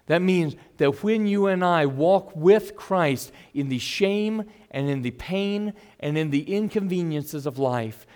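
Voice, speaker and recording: Earnest preacher man, fairly high voice. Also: animated, slow pace, hardly any pauses, smooth. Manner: earnest preaching, swings between loud emphasis and hushed asides. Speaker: pastor. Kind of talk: expository sermon.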